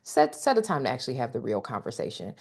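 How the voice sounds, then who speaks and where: Emphatic low-voiced woman coaching an audience. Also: sing-song, fast talker, darkish tone, slightly rough. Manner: emphatic, repeats key phrases, checks in with "okay?"; talks directly to the audience. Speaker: workshop speaker. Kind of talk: live online coaching session.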